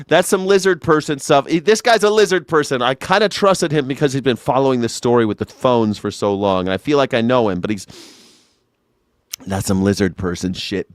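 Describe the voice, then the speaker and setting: A man's voice: on the low side, dry recording. A man hosting a live news reaction show, ranting with sarcastic mock outrage into a studio mic through a mixer.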